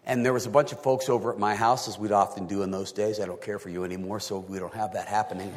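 A male pastor delivering a sermon, talking through scripture and often rising into high, emphatic bursts. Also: steady tone, fast talker, long reverb tail.

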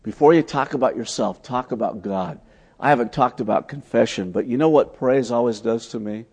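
A man preaching a sermon, telling stories as he teaches, swinging from loud emphatic lines to soft, hushed ones. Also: medium pitch, a little fast, slightly rough. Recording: long hall reverb.

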